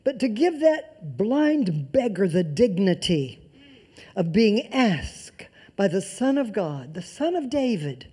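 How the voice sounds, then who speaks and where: A preacher delivering a sermon, stressing points through repetition and shifting between loud emphasis and soft, near-whispered lines. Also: medium pitch, very animated, takes it slowly, slightly rough. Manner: emphatic repetition of key phrases.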